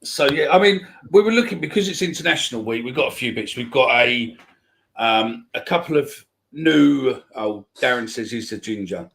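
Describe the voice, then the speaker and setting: A man's voice: mid-range voice, lively intonation, moderate pace, creaky, fairly bright tone. A man hosting a football fan podcast, talking in a loose rambling way. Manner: rambling, lots of ums and restarts. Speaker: podcast host. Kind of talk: casual chat.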